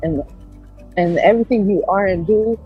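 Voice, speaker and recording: A woman's voice: mid-range voice, moderate pace, breathy edge, muffled recording, soft background music. A woman speaking as an internship candidate, giving fervent thanks and stumbling over her words. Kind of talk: grateful thank-you speech.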